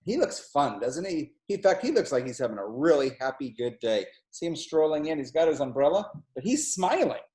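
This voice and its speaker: A middle-aged man, a college president, reads a picture book aloud to children, explaining the pictures in a slow and gentle way. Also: on the high side, very animated. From New Jersey, US. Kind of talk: read-aloud storytime. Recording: echoey room.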